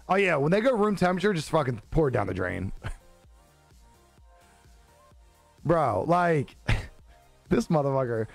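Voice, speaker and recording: A man's voice: a little high, expressive, takes it slowly, vocal fry, long pauses, no room sound. Laughing, swearing young male streamer. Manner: laid-back, joking, swears a lot, laughs often. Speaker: live streamer. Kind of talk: casual live-stream chat reading viewer comments. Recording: dry close-mic with faint music behind.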